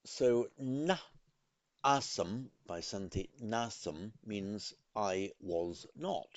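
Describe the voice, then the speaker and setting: Slow, methodical older-sounding male teacher. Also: on the low side, lively intonation, dry recording. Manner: careful, methodical, pausing to correct himself. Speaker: Sanskrit teacher. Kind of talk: explanatory lesson.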